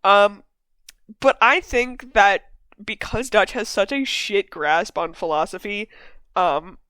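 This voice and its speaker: A woman hosts a laid-back podcast about games, speaking slowly in a mid-range voice with a fairly bright, clean tone and no room sound. She rambles casually, using lots of fillers and swearing freely.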